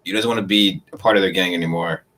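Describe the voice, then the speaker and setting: A man co-hosting a casual chat, quick to laugh and to pitch playful what-if ideas. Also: steady tone, a bit bright. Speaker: podcast co-host.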